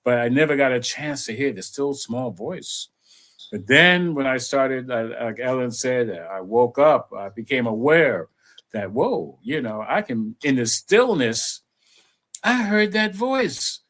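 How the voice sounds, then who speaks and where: A man giving an unhurried, conversational spiritual talk and leading affirmations, with many "you know"s. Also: mid-range voice, animated, fairly bright tone. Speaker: spiritual teacher.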